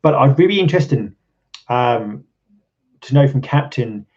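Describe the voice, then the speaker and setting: A man's voice: mid-range voice, animated, moderate pace, darkish tone, highs cut off. A man from England hosting a casual live stream, rambling with lots of ums and restarts and chuckling often. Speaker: channel host. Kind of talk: casual live-stream chat reading viewer comments.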